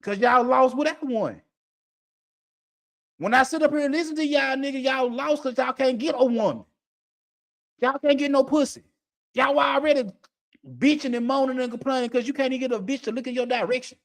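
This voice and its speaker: A man's voice: very high-pitched, fairly quick, pauses often. A man hosting an unscripted monologue, blunt and profane, laughing often as he talks. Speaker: podcast host.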